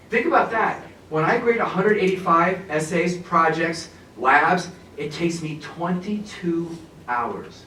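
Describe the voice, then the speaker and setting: A man with a somewhat high voice presents a teacher workshop with lively humor, speaking to a room full of people. He sounds a bit far from the mic, and the room gives his words a strong echo. A faint hiss sits underneath. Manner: animated, humorous, addresses the audience. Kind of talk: professional development workshop talk. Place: conference room with an audience.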